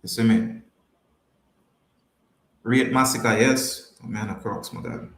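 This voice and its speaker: Jamaican male podcast host, mid-pitched, loose and emphatic, repeats himself, talks to viewers live, echoey room. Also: fairly even intonation, measured pace, fairly bright tone. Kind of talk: casual livestream chat, answering viewers.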